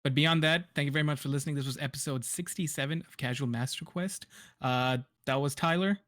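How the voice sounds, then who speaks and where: Halting man hosting a podcast, dry sound. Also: on the high side, a bit bright, no room sound. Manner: hesitant, lots of ums and restarts. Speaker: podcast host. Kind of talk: casual podcast chat.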